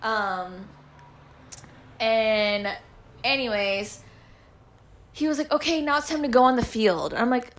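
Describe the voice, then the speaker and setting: A woman's voice: fairly high pitch, slow pace, long pauses. A young woman in casual chat, telling a profane story and acting out what others said. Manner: profane, acts out quoted lines.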